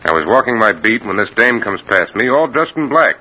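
An actor playing a plain-spoken beat cop with easygoing street talk in a 1940s-style radio drama, on a dull old broadcast recording. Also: male voice, fairly low pitch, very animated, fairly quick, pushed and bright, heavily acted. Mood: puzzled.

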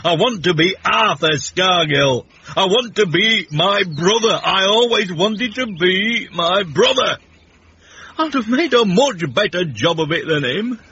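Brief: genteel, self-important gent in a radio comedy, affected and theatrical, higher voice that bounces around; dull, hissy broadcast sound. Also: male voice, animated, a little slow, bright, forceful tone, breathy edge, heavily acted. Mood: wistful. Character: genteel, pompous middle-aged man, brother of a union leader. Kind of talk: 1980s radio comedy acting.

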